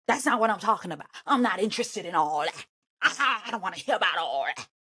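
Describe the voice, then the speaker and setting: A woman's voice: medium pitch, fast, breathy edge, no echo. Indignant woman ranting in a reaction vlog. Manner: indignant and sarcastic, talks back at the screen; animated, swings between loud outbursts and mutters. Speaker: vlogger reacting to an interview. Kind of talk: reaction commentary.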